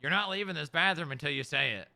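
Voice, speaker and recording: A man streaming in-character role-play, coaxing and reassuring as he talks gently to a dog and a hurt friend. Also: on the high side, fast talker, gravelly.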